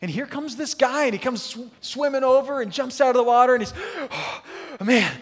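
A man in his thirties, a pastor telling a story in a lively, self-mocking sermon at church. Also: very high voice, quick pace. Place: church hall. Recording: long hall reverb.

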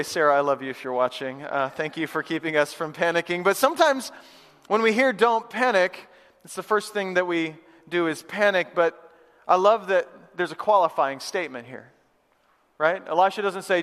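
A man with a high, light voice preaches to his congregation, moving from scripture reading to earnest, conversational talk. He calls out for the room to answer him. His words ring out with a long church reverb behind them. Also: normal speed, a bit bright, clean tone. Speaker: pastor. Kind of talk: sermon. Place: church sanctuary.

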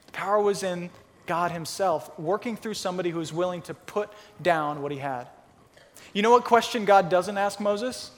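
A man pastor giving a conversational sermon, telling Bible stories in a casual, animated way. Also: sits high, moderate pace, in a large hall. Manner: conversational storytelling, acting out Bible characters.

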